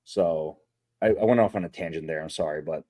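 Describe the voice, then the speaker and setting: A man's voice: rumbling low, a little fast, warm tone. A man co-hosting a podcast in casual chat, rambling through gym stories with lots of fillers and casual swearing. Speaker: podcast co-host, bodybuilder.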